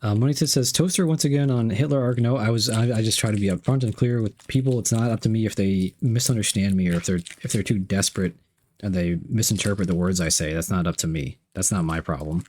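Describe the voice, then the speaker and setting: Low-voiced young man streaming live. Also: fast, darkish tone. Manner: playful, reads chat aloud, repeats himself. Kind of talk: live-stream chat while unboxing.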